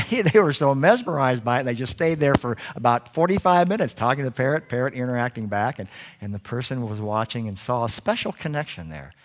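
A man preaching a sermon, telling a story in an animated way. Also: medium pitch, brisk. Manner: animated storyteller doing voices.

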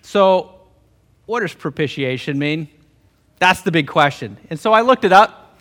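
A man's voice: a little high, expressive, unhurried, fairly bright tone. A man, a pastor and theologian, preaching an emotional storytelling sermon, often stumbling into repeated words.

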